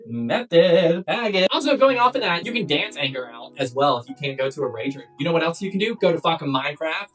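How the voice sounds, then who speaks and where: A woman's voice: low-pitched, sing-song, quick pace, hardly any pauses, fairly bright tone, husky. A young woman vlogging life tips in a blunt, playful way, swearing often. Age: young adult. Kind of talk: casual chat to camera. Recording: distant mic with background music.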